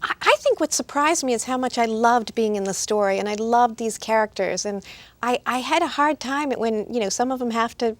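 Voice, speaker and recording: A woman author sits as a guest on a local TV chat show, her voice pitched fairly high. She talks eagerly, often stumbling into repeated restarts, and laughs easily between thoughts. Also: brisk. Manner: laughs often while talking. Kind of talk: casual talk-show chat. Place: local TV studio.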